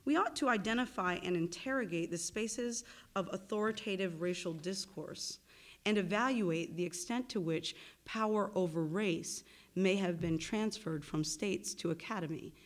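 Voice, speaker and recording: A woman lecturing at a university, reading a formal academic paper in a measured way with occasional self-corrections. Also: on the low side. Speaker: visiting lecturer and research associate. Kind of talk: academic lecture read from a prepared text.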